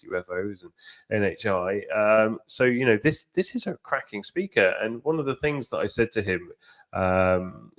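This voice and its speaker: A man hosting a podcast, chatting casually and enthusiastically with lots of ums and restarts. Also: sits low. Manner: enthusiastic, rambling with many ums. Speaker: podcast host.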